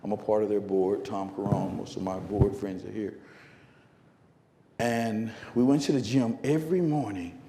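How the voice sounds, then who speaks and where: A middle-aged man giving a conference keynote, telling a story that swings from loud bursts to hushed lines. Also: lowish voice, fairly even intonation, normal speed. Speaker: motivational speaker. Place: conference hall.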